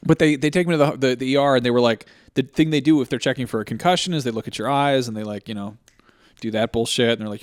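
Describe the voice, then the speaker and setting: A man's voice: mid-range voice, fast talker. A man in his thirties, co-hosting a podcast, telling a story in casual chat with lots of swearing. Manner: profane, animated storyteller. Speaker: podcast co-host.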